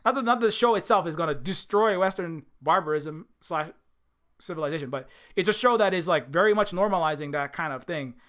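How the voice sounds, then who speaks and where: High-voiced rambling man. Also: a little fast. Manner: rambling, animated, profane, many restarts. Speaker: indie game developer streaming. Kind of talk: casual rambling stream talk.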